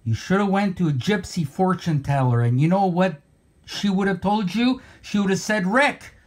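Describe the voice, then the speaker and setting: A guitar builder filming himself with a handheld camera, talking sarcastically and ranting in mock bitterness. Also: male voice, sits high, moderate pace, darkish tone. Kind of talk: sarcastic workshop vlog. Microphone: handheld camera mic.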